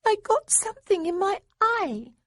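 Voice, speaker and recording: A woman's voice: very animated, measured pace, a bit bright, dry recording, clean studio sound, exaggerated voice. A woman voicing a whiny, dramatic six-year-old girl who pleads and wails. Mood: pleading. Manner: shrill, wailing, pleading.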